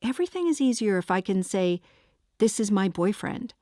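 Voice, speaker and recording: A woman audiobook reader voicing an earnest, gentle boyfriend with a resigned tone, barely shifting her own voice. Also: medium pitch, sing-song, normal speed, dry recording, studio quality, close to an everyday voice.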